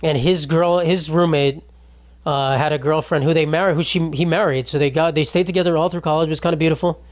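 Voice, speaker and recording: A man's voice: a little high, steady tone, fast. A young man hosting a casual solo podcast, rambling and swearing, often mocking himself. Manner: rambling, profane, self-mocking. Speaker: podcast host.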